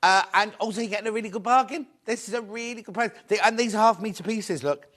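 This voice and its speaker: A man's voice: high voice, quick pace, fairly bright tone. A man presenting a live shopping show, upbeat and chatty, greeting viewers by name as he sells fabric.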